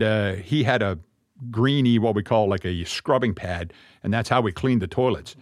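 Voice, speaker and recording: With a fairly low-pitched voice, a middle-aged man who is a Messianic rabbi preaches by telling a personal story, earnestly and reflectively, pausing and restarting along the way. The sound is clean studio audio with no room sound.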